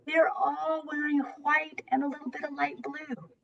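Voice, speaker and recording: A woman guest telling long, animated stories about readings, rambling and restarting as she goes. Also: high voice, normal speed, gravelly, slight background noise. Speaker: guest, tarot reader. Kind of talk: storytelling interview chat. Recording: dull lo-fi recording.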